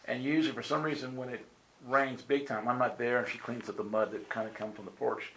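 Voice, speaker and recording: A man's voice: mid-range voice, fairly even intonation, a little fast, creaky, fairly bright tone, slight background noise, rough recording. A man preaching and telling a personal testimony in a conversational way, acting out what people said and often checking in with "right?". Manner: dramatic, acts out the quoted lines. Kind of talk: sermon storytelling.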